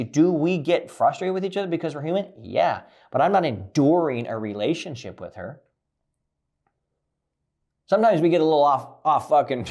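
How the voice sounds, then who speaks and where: A man talks as a relationship coach in a mid-pitched voice. His delivery is blunt and profane. He punches some lines out loud and drops others low and quiet. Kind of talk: direct coaching monologue.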